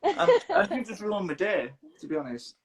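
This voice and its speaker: A Yorkshire man hosts a casual interview, and his pitch swings widely as he jokes along. His voice has a slightly husky, breathy edge. He laughs often and sounds enthusiastic. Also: wildly swooping pitch, moderate pace. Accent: Yorkshire English. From Leeds, Yorkshire.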